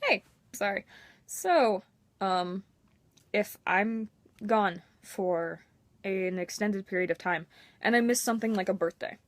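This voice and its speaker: A woman's voice: medium pitch, expressive, slow pace, pauses often, no echo. Candid young woman vlogging, dry sound. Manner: candid, emotional, self-mocking. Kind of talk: personal talk to camera.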